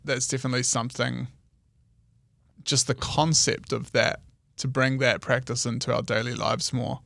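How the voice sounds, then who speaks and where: Gravelly New Zealand co-host. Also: male voice, medium pitch, flat delivery, normal speed, a bit bright, no room sound. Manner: encouraging, lots of "mm" and "yeah" backchannels. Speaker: podcast co-host. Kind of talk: casual chat. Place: podcast studio.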